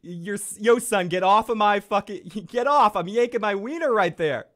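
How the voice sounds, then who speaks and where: A man voicing a furious undead ice king who shouts crude, profane threats. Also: sits high, normal speed, pitched above the performer's own voice. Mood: raging.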